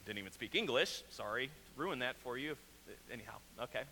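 A man with a Southwest Missouri accent preaching a sermon as pastor, earnest, often repeating a question and dropping to a quiet, pressing tone. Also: mid-range voice, expressive, a little fast. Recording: reverberant hall, faint hum.

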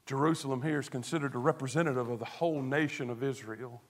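A man preaching a sermon as pastor, earnest, moving between hushed tones and emphatic stress, with rhetorical questions. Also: medium pitch, fast.

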